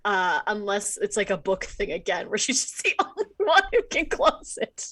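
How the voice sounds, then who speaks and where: A woman's voice: mid-range voice, sing-song, moderate pace, bright, forceful tone. Woman player with laughing asides. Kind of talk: casual chat.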